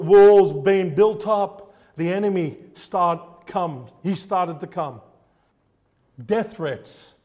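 Fervent high-voiced male preacher. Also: darkish tone. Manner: fervent, repetitive, quizzes the congregation. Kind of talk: sermon.

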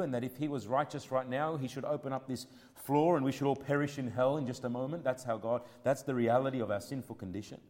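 A man preaching a sermon with passion, rising to loud declaiming and dropping to hushed pleading, and reading scripture in old-fashioned wording. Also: medium pitch, brisk. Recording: long hall reverb.

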